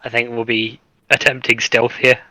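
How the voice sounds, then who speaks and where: A man playing in a tabletop game, chatting casually and quick to argue a point. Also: medium pitch, flat delivery, bright, forceful tone. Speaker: player.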